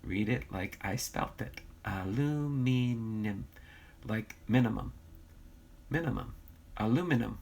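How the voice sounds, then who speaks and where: A man's voice: fairly low pitch, lively intonation, moderate pace, vocal fry, pauses often, breathy edge. An American man hosting a casual livestream, reading viewer comments aloud and bantering, with a slightly nasal voice. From United States. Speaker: livestream host.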